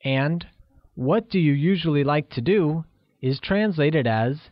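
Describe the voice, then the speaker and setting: A language teacher narrates a scripted lesson, setting out each phrase for learners at an unhurried, deliberate pace with an animated manner. His voice is a bit high, and the dry, somewhat dull recording sounds like a lo-fi voice-over with no room sound.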